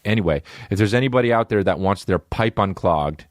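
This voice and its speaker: Podcast host dude cursing a lot, lowish voice that jumps all over, super dry close sound. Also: male voice, brisk, no room sound. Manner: profane, animated ranting with repeated phrases. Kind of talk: comedic podcast riffing.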